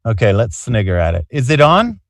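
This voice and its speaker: A man in a comedy double act, bantering on a live stream with sardonic, deadpan asides. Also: mid-range voice, fairly quick, no room sound, clean studio sound.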